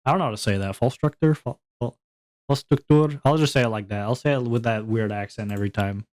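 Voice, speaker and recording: A man's voice: on the low side, fast. A male VTuber streamer in casual solo chat, rambling from topic to topic, poking fun at himself and laughing often.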